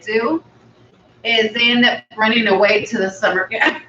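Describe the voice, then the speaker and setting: In her food video, a woman who runs a mukbang channel casually recounts a movie plot in a rambling, chatty way. She speaks at normal speed with a high, bright, forceful voice and fairly even intonation. The sound is distant, slightly dull and echoey, with a little background noise.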